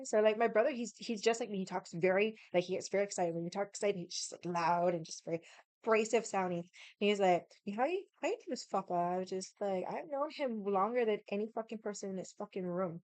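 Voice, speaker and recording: A woman's voice: medium pitch, fairly quick, a little mellow, no echo. A young woman casually telling a rambling story at home while drinking, swearing freely and wandering off on tangents. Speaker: vlogger.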